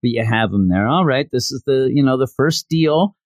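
Casual male recapper, chatty and jokey, mid pitch, dry sound. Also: lively intonation, normal speed, no echo. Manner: chatty, joking, many fillers. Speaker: reviewer.

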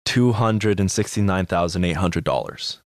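Deep-voiced laid-back podcast co-host. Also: male voice, normal speed, dry recording, studio quality. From Canada. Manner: laid-back, swears often, laughs. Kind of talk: casual news chat.

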